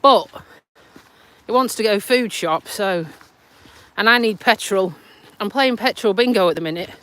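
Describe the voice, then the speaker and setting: A woman's voice: medium pitch, measured pace, a bit bright. A woman from Lincolnshire with a Lincolnshire accent and a stuffy nose, chatting casually on a live stream while out walking, recorded on a phone. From Lincolnshire, England. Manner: chatty and self-mocking, with frequent laughs and dialect words. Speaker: vlogger. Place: outdoors on a countryside walk.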